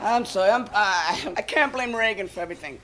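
A young man doing an animated, rambling stand-up comedy set, acting out bits. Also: sits high, brisk. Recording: live club with noisy laughing crowd. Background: audience laughter and noise.

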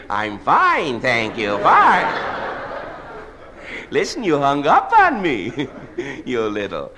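A man's voice: mid-range voice, huge pitch swings, drawn-out words, pauses often. A man doing a comic one-sided phone call, wry and teasing, with a mock-threatening edge. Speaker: comedian. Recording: hissy old record.

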